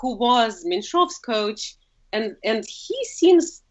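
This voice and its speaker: A woman's voice: on the high side, very animated, slow pace, highs cut off. Russian-accented woman explaining things casually. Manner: explanatory, with frequent fillers and self-corrections. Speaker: guest, opera singer. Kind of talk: casual conversation.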